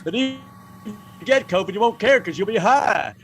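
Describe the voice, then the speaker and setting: A man performing a stand-up impression of a folksy former president pitching a product. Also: lively intonation, moderate pace, gravelly.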